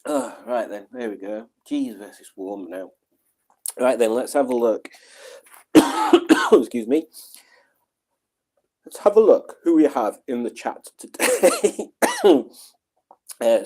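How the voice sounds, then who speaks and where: Mellow-voiced man chatting casually. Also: mid-range voice. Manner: relaxed, rambling, self-deprecating. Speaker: livestream host. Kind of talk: casual chat reading out viewer comments.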